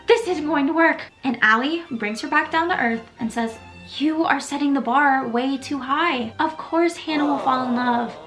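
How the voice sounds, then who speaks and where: A woman in her twenties recapping a TV episode in a casual vlog, dramatic and sassy with animated asides. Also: fairly high pitch. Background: faint background music.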